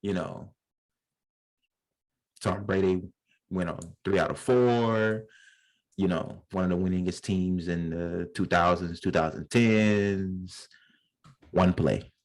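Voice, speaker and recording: A man's voice: low-pitched, slow pace, pauses often, rough recording. A man co-hosting a casual podcast over a video call, emphatic and playfully indignant in banter. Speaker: podcast co-host. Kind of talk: casual chat.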